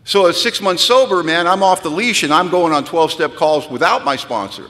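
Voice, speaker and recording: A man in his fifties telling his recovery story as a retreat speaker, with animated, self-deprecating humor and a habit of saying "man.". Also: fairly high pitch, fairly quick. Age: 50s. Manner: peppers speech with "man". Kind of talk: storytelling talk. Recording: echoey hall with long reverb.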